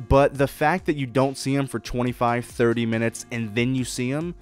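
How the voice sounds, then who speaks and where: A man hosting his own podcast, giving a blunt, profane, excitable solo review and acting out quoted lines. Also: medium pitch. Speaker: podcast host reviewing shows. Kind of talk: casual solo review monologue.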